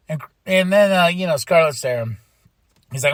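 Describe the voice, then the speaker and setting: A man's voice: high-pitched, fairly quick, no echo. Guy on a podcast going off about wrestling, swears a lot, voice jumps all over, dry close mic. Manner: animated, profane, mimics wrestlers. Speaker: podcast host. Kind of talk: casual wrestling recap chat.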